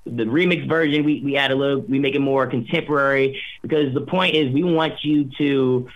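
A man's voice: mid-range voice, fairly even intonation, fairly quick, dull audio. A young man, a voice actor, chatting upbeat in an interview, rambling with lots of fillers and restarts. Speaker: voice actor guest. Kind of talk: casual interview chat.

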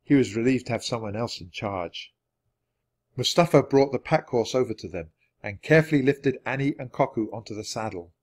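A man with a voice of middle pitch narrating a children's chapter book. He reads at an even, natural pace and keeps the storytelling clear. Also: brisk. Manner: steady, clear read-aloud pacing. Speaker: storybook reader.

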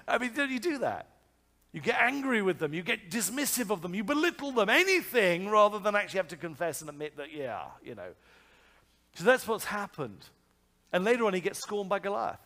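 A man delivers a sermon with an animated, chatty storytelling style, his voice riding high and swooping up and down as he poses rhetorical questions. The sound carries a long reverb, as if spoken in a large hall. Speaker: preacher.

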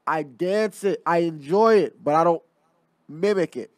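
A man's voice: a little high, a little slow, a little mellow, dry recording. A man co-hosting a podcast in casual, profane banter, talking emphatically and getting worked up. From Haitian heritage, raised in Miami. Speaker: podcast co-host. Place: podcast studio.

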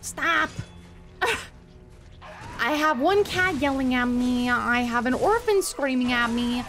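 High-voiced woman streamer, swearing freely. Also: expressive, takes it slowly, a bit bright, faint music behind. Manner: swears freely, exasperated, laughs often, answers chat. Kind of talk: casual live-stream chat while gaming.

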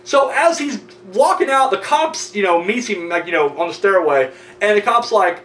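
A man's voice: sits high, expressive, normal speed, fairly bright tone. A man reviewing a horror film in a loose, profane plot recap, full of "you know" and "like". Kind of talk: casual rambling plot recap. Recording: roomy, distant mic with faint hum.

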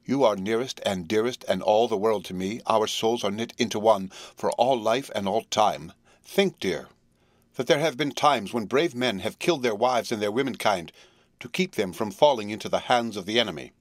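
A man's voice: fairly low pitch, moderate pace, dry recording, lightly acted. A man voicing a devoted young wife who faces death, earnest, tender and pleading, in a storybook reading. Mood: solemn, pleading.

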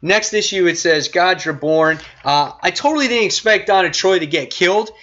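Excitable man reviewing comics, bright voice. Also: high voice, moderate pace, lo-fi sound. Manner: excitable, retells scenes with quoted lines, many fillers. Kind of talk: casual spoken review.

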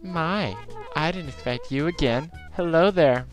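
A man's voice: fairly high pitch, a little slow, soft background music, voice pushed up, natural voice. A man voicing a snooty, condescending female cat villager in a video game. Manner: condescending and teasing.

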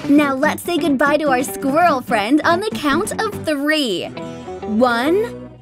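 High lively lady reading a kids phonics video, super slow, exaggerated. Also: loud music behind the voice. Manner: slow, sing-song, exaggerated. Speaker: children's phonics narrator. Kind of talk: children's educational narration.

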